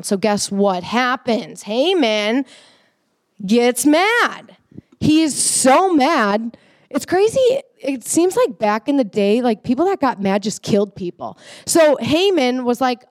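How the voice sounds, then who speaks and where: A woman teaching children a Bible story in a casual, animated way, often checking in with her listeners. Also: fairly high pitch, measured pace, no echo, studio quality. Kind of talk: animated storytelling lesson for kids.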